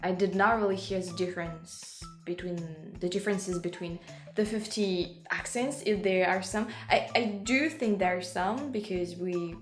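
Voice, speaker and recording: A woman's voice: lowish voice, normal speed. A French woman, a native French speaker, hosting a casual reaction video and talking in English, hesitating and repeating words as she hunts for them. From France. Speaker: video host reacting to clips. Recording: roomy echo with faint background music.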